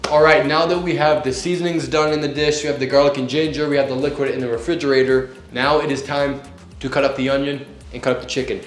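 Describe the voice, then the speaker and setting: A man's voice: medium pitch, level tone, quick pace. Young man, home kitchen, chatty and joking, roomy echo, faint music behind. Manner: chatty and joking, yelps from onion tears. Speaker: home cook. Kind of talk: casual cooking vlog. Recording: echoey room, faint music.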